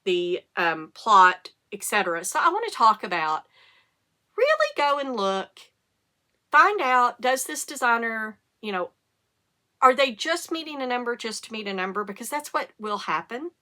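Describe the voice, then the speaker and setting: A middle-aged woman, hosting a casual knitting podcast and telling animated stories, with the occasional cough and hiccup. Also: fairly high pitch, moderate pace. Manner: chatty, animated storytelling with rising excitement. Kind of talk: casual chat.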